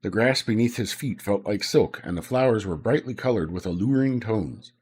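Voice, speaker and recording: A man's voice: lowish voice, expressive, moderate pace, darkish tone. A man streaming a game, reading its manual story aloud with casual asides. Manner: casual asides between read passages.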